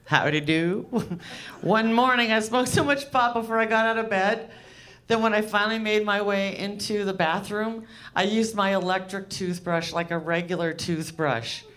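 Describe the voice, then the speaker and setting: A woman's voice: mid-range voice, moderate pace, fairly bright tone. A woman comedian doing a stand-up set on a club stage, loose, rambling and crude, poking fun at herself. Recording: live club set with audience laughter.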